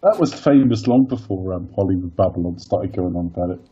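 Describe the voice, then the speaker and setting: An English man co-hosting a podcast with a mellow, husky voice. He rambles through bawdy jokes and long asides at an easy pace. The sound is a little muffled and lo-fi. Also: low voice, animated. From Britain. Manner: bawdy, rambling, quick to joke. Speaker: podcast co-host. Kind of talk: casual chat.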